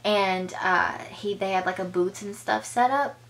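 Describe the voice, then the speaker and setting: A young woman vlogger tells a casual storytime, chatty and full of filler words, acting out quoted lines with big jumps in pitch. She speaks at a measured pace with a fairly bright tone.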